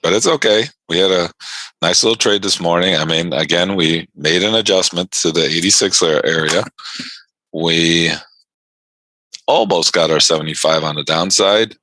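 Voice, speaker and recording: A man's voice: low-pitched, moderate pace, bright, forceful tone, no room sound, rough recording. A man from New York hosting a live trading stream, joking with viewers and laughing often between remarks on the markets. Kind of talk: casual livestream chat about trading.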